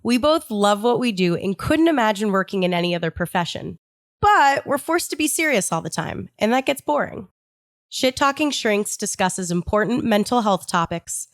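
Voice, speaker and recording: A woman's voice: mid-range voice, big pitch swings, moderate pace, no echo, studio quality. A woman co-hosting a podcast as a therapist, bantering playfully and swearing freely in casual chat.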